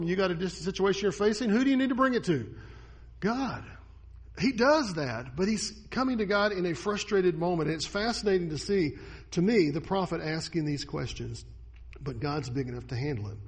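A man preaching a sermon with a husky voice, swinging between loud dramatic bursts and hushed lines. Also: sits high. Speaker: pastor.

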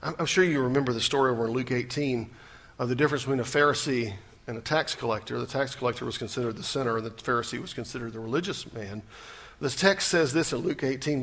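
A male pastor preaching a sermon, swinging between loud emphasis and hushed, intense moments. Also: mid-range voice, fast.

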